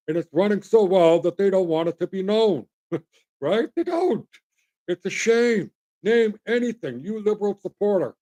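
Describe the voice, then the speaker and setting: This show's host, a middle-aged man from Canada, has a high, warm voice. Talking straight to his audience, he gives blunt, folksy, rambling commentary full of his own opinions.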